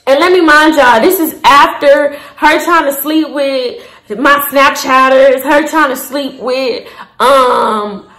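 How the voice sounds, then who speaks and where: A woman's voice: sits high, slow pace, a bit bright. Slangy, candid young woman telling a story. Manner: candid, slangy and profane, talks straight to her viewers. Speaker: storyteller vlogger. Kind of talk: casual storytime. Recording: roomy echo.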